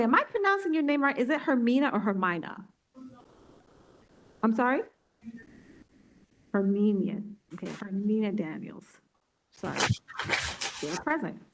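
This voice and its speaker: A woman with a New York accent chairing a public board meeting, reading out a roll call slowly and deliberately. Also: mid-range voice, low-quality recording. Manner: slow, deliberate name-reading.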